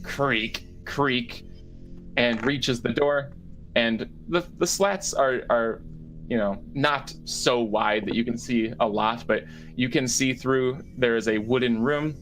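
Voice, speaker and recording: A man's voice: medium pitch, a bit bright, poor audio. A man running a tabletop game as game master, describing rooms with lots of fillers and self-corrections.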